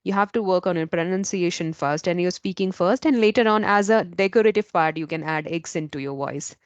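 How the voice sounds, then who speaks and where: A woman's voice: lowish voice, fairly quick, no echo, lo-fi sound. A woman English trainer with an Indian accent, explaining patiently and often asking "right?". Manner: explanatory, frequent "right?" tag questions. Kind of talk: interview answers, teaching.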